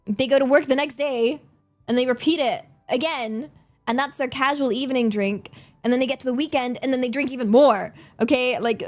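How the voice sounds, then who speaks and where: A young woman streaming, chatting casually in a giggly, animated, exclamatory way. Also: high-pitched. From England. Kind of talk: casual chat.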